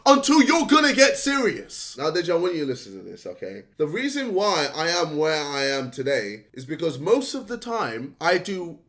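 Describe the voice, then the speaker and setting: A man's voice: a little high, huge pitch swings, normal speed, hardly any pauses, fairly bright tone. A young man ranting straight to camera, scolding a fellow creator with exasperated, swearing outbursts and laughs between points. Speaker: vlogger addressing a fellow creator. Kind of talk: direct-to-camera rant.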